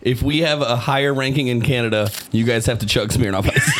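A man's voice: mid-range voice, a bit bright, a little hiss or hum. A man on a casual podcast, joking, teasing and swearing.

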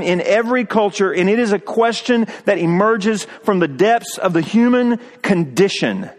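A male preacher with a notably high voice delivers his sermon outdoors. He speaks slowly and emphatically, leaning into each phrase and drawing listeners into call-and-response. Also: big-room sound. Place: outdoors on a mountaintop.

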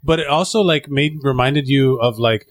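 A man's voice: mid-range voice, moderate pace. A man co-hosting a podcast in casual chat, rambling with lots of restarts. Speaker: podcast co-host.

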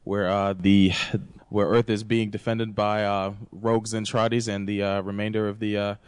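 A man's voice: lowish voice, little pitch movement, moderate pace, smooth, dry recording. A man hosting a casual podcast chat, talking in a laid-back, rambling way with many fillers. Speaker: podcast host.

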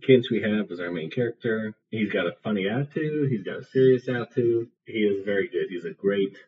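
A man hosting a solo book review podcast, talking in a casual, rambling way full of fillers. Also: deep voice. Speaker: podcast host. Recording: distant, dull lo-fi with faint noise.

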